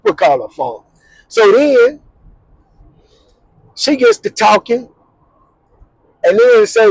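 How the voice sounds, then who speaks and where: A middle-aged man hosting his vlog, telling a story casually in an animated, slangy way, repeating words and little sound effects. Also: high voice, takes it slowly, long pauses, no room sound, rough recording. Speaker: vlog host.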